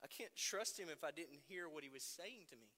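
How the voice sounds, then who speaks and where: A middle-aged man preaching in a church sanctuary, his voice sharp and cutting and sitting a little high. He tells stories against himself with lively energy. Long reverb trails each phrase around the hall. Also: brisk. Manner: animated, self-deprecating storytelling. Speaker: pastor. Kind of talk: sermon.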